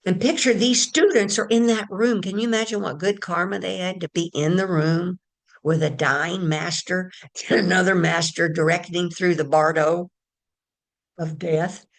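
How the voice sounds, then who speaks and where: A woman's voice: fairly low pitch, fairly even intonation, normal speed. A woman giving a casual spiritual talk, telling a story in a chatty way and addressing her listeners directly. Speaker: spiritual teacher.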